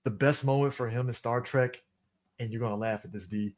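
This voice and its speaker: A man co-hosting a podcast, excitedly retelling movie scenes with lots of swearing. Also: medium pitch, a little fast. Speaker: podcast co-host. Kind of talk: casual chat.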